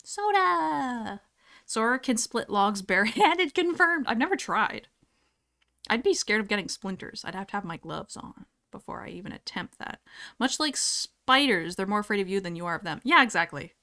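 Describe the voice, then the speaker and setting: Young woman streamer, casual chat, giggly and chatty, mid-pitched, desktop mic. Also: expressive, normal speed, pushed and bright.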